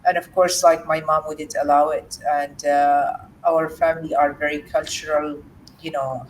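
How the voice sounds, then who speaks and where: A woman's voice: low-pitched, level tone. Woman telling her story. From Jordan. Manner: halting, with many restarts and fillers. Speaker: guest. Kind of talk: emotional personal story in an interview. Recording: distant mic with faint background noise.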